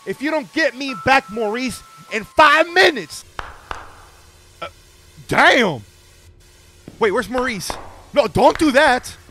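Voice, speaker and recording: A young man giving let's-play commentary on a game, excitable and profane, yelling and joking as he plays. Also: extremely high pitch, slow, long pauses, a little hiss or hum. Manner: excitable, profane, yells and jokes. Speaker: gaming video creator. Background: game music.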